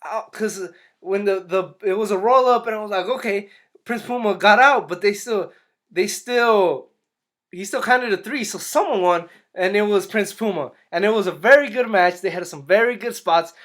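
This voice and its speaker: A man's voice: high-pitched, moderate pace, fairly bright tone. A man casually reviewing a wrestling episode for his channel, rambling with frequent restarts and acting out what people said. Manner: rambling, restarts often, acts out quotes animatedly. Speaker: YouTube wrestling and boxing reviewer.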